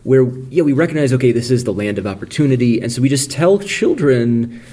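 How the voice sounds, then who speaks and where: A man's voice: mid-range voice, animated, fairly quick, dark tone. Male podcast co-host, reflective, hedging, conversational. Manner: thoughtful, hedging, many restarts and "right?" checks. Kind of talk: casual conversational podcast talk.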